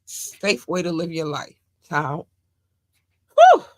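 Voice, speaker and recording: A woman hosting a podcast in casual chat, talking bluntly and emphatically with sudden loud outbursts. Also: on the low side, wildly swooping pitch, slow pace, no room sound. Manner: blunt and profane. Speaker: podcast host.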